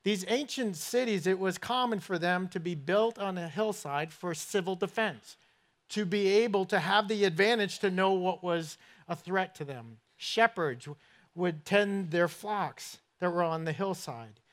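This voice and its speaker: A man's voice: high voice, unhurried, a bit bright. A man from southern New England preaching a sermon in a church with a New England accent, conversational and storytelling, asking his listeners questions. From southern New England, USA. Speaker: pastor.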